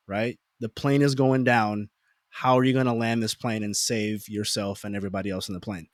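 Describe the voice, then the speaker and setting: A man's voice: on the low side, steady tone, moderate pace, no echo, clean studio sound. A man in his forties telling personal stories, often repeating words and restarting sentences, acting out his own inner thoughts. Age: 40s. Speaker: podcast guest. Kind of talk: reflective personal storytelling.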